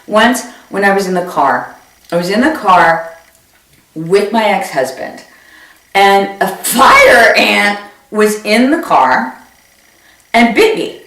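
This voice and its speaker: A woman comedian telling a comic story in an animated way, often jumping into high squeals for quoted voices, recorded from a distance in an echoey room. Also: slow pace, pauses often. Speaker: stand-up comedian.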